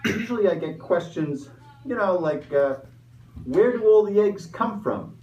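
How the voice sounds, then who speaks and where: A man's voice: sits high, lively intonation, measured pace, a little mellow, dull audio. A man playing a greedy, smug Easter Bunny in a comedy sketch interview, talking like a pushy salesman. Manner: wisecracking, pushy salesman patter. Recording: echoey room, mic far off.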